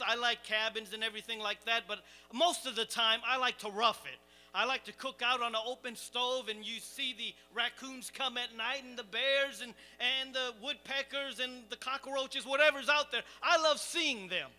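A man preaching, telling a lively, self-mocking camping story to his congregation. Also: very high-pitched. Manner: animated, self-deprecating storyteller. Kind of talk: storytelling sermon.

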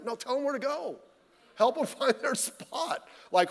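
At a moderate pace, a pastor with a notably high male voice and big pitch swings preaches midweek. His tone is folksy and conversational, laced with rhetorical questions, and the church hall rings with long reverb.

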